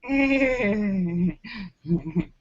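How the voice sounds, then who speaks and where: A woman hosting a casual live stream from a room at home, animated and giggly as she reads viewer comments. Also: mid-range voice, very slow. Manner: chatty and animated, giggles often. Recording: slightly muffled lo-fi.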